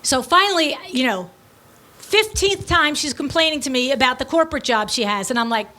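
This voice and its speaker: A middle-aged woman, an interior design business owner and podcast host, telling a story in a breezy, blunt, animated way, with quick asides. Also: sits high. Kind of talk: casual storytelling.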